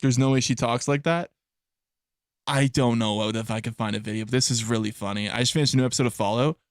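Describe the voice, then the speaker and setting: A man's voice: medium pitch, fairly even intonation, quick pace, no room sound, clean studio sound. A young adult man chatting casually on a live stream, rambling and swearing, often breaking into laughter. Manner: rambling, profane, laughs a lot.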